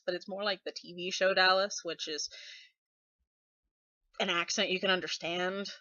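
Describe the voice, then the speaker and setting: A woman's voice: lowish voice, sharp tone, dry recording, lo-fi sound. A young woman from Texas talking in a casual, rambling monologue full of self-deprecating asides. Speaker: vlogger.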